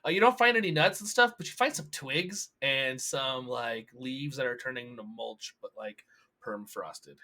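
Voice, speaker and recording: A man's voice: mid-range voice, moderate pace, sharp tone. A man running a tabletop game as game master, giggly and hesitant with many ums.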